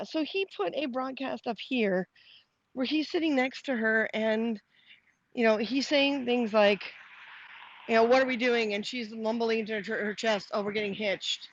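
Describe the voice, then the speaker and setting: A middle-aged woman, a little high-voiced, rambles through a live stream as she walks outdoors. She restarts her sentences and answers her viewers' comments. The phone mic sounds dull and lo-fi, with little room around her. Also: no echo. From Canada. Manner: rambling and chatty, many restarts. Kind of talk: casual live-stream chat, reading viewer comments aloud. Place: outdoors, walking to the post office.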